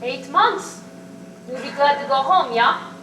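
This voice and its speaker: Woman playing bitter old grandmother, clipped and curt, high voice, distant echoey hall, hiss. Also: expressive, a little slow. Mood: stern. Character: stern, bitter old grandmother, cold and controlling. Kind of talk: amateur stage acting. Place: school stage.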